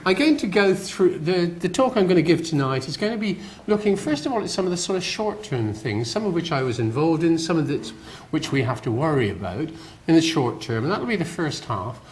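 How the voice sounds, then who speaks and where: A man's voice: on the high side, slight background noise. Older West Country man lecturing. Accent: West Country English. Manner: rambling with dry self-deprecating humor. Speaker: guest lecturer. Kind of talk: public lecture. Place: lecture hall.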